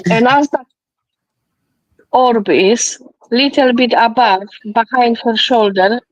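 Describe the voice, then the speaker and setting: A woman speaking as a guest on a casual live-stream chat, in halting, simple phrasing. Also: a little high, no echo, rough recording. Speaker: guest investigator.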